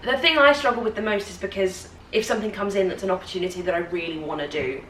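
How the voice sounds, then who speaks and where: A woman's voice: medium pitch, fast talker, a bit bright. A young woman in casual conversation, talking reflectively and agreeably. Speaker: co-host. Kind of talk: casual morning chat. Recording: roomy, distant mic, faint hiss.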